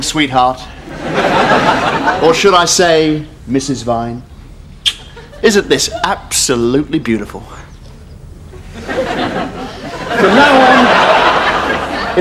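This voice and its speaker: A man's voice: a little high, big pitch swings, slow pace, pauses often, a loud crowd. A smothering newlywed husband. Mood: doting. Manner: sweet, smothering romantic speech. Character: clingy, doting newlywed husband. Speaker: sketch actor. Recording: studio audience laughter, noisy.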